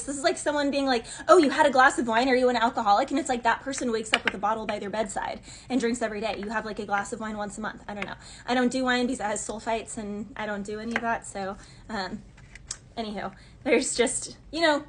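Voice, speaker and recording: High-voiced chatty tarot reader woman. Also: fairly bright tone, a little hiss or hum. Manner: chatty and sassy, voicing imagined gossips. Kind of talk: casual tarot reading monologue.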